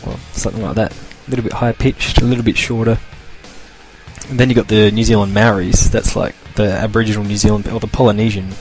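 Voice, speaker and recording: Australian man, young, low-pitched, rambling casual podcast talk, irreverent, soft guitar music behind. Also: level tone, fast. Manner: rambling, chuckling, loose and irreverent. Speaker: podcast host. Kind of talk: casual solo podcast rant.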